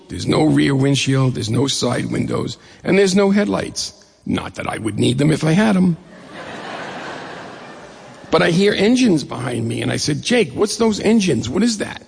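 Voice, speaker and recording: A man with a gravelly voice, retelling a personal story in a lively, animated way. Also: medium pitch. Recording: long reverb of a hall.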